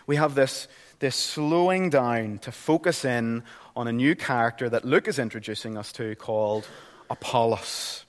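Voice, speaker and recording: A middle-aged Northern Irish preacher delivers an earnest, conversational sermon, often restarting his phrases. His voice sits a little high. The church hall adds a long, lingering reverb. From Northern Ireland.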